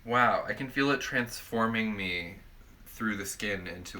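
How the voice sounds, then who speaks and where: Bright-toned playful man chatting. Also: lowish voice, a little slow, a little hiss or hum. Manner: playful, rambling, jokey descriptions. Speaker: perfume reviewer, co-host. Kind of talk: casual chat.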